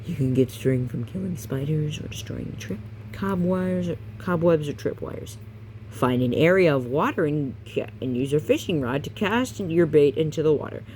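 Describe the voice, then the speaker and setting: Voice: mid-range voice, animated, normal speed, a little mellow, a little hiss or hum. A reader casually reading a game guidebook aloud, stumbling, correcting themselves and adding chatty asides.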